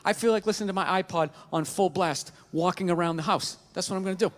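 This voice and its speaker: A man's voice: high voice, fast. A man performing a stand-up comedy routine, telling a story with exasperated, mock-quoted rants.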